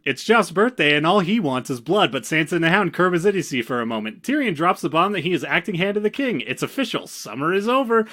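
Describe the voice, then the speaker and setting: A man on a casual podcast, running through a recap with dry wit. His voice sits high for a man and moves animatedly. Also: big pitch swings, fast, hardly any pauses, a bit bright. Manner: dry, teasing. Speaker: podcast co-host.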